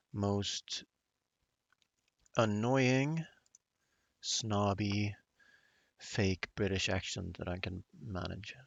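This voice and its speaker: A man's voice: fairly low pitch, takes it slowly, gravelly, long pauses. A man casually narrating a live game stream, rambling and poking fun at himself. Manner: rambling, self-deprecating.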